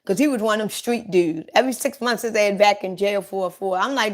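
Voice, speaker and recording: A woman's voice: medium pitch, fairly quick. A middle-aged woman chatting casually on a livestream, telling blunt, profane stories straight to her viewers.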